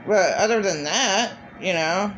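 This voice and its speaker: A woman's voice: medium pitch, a little slow, fairly bright tone, slight background noise, poor audio. A middle-aged woman vlogging in a blunt, profane, repetitive rant. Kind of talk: casual monologue.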